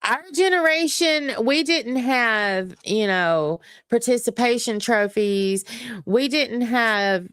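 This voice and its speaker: A woman's voice: a little high, animated, slow pace, a bit bright, clean tone, dry recording, studio quality. A woman hosting a casual morning livestream, chatting to her viewers in a laid-back way. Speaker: livestream host.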